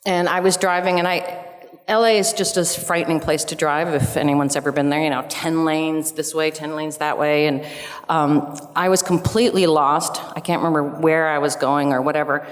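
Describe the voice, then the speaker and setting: A woman from Canada on a convention panel, telling an animated story and acting out her own lines. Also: sits low, moderate pace. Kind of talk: casual anecdote telling. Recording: echoey convention hall.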